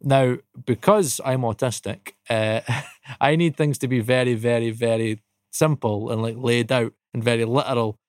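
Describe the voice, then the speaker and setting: A man's voice: mid-range voice, moderate pace, no room sound. Scottish man from Dundee, podcast co-host, dry close-mic sound, chatty and sweary, mid-range voice. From Dundee, Scotland. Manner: animated, swears freely, laughs through the story. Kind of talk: casual anecdote telling.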